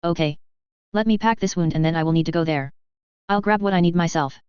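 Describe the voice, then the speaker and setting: Female reader doing a cocky male field medic; hits each syllable hard, crisp and dry. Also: lowish voice, brisk, dry recording, close to an everyday voice. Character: adult male medic, blunt and smug. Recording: slightly dull recording.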